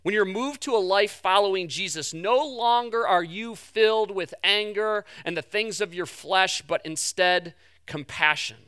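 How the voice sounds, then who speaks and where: A man with a high, bright and crisp voice delivers a sermon from the pulpit. He stutters on repeated words, races through asides and then slows to a stretched, emphatic delivery. The sound is close and dry. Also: dry recording. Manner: repeats words in quick restarts; swings between fast asides and slow emphatic lines. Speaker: pastor.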